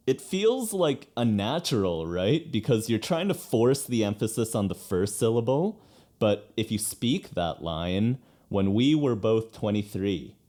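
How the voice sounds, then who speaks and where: A man's voice: fairly low pitch, dark tone. A man reacting to a live song and explaining lyrics, now and then singing a line to show a point. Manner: explains, breaks into sung lines. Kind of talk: casual music commentary. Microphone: headphones on.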